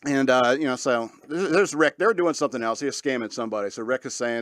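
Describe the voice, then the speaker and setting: A man's voice: mid-range voice, normal speed, a bit bright, no room sound, studio quality. A man hosting a talk radio show, rambling in a casual monologue with lots of fillers and frequent laughs.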